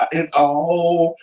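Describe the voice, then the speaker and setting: A man co-hosting a casual talk show, telling stories in a blunt, lively, profane manner. He sits a little away from the mic in an echoey room. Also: on the high side, far from the mic. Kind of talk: casual chat.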